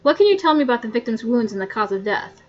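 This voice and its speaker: A woman reading the lines of a polite young male magistrate in an even, formal manner, on a muffled lo-fi mic. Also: on the high side, fast talker, faint music behind. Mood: earnest.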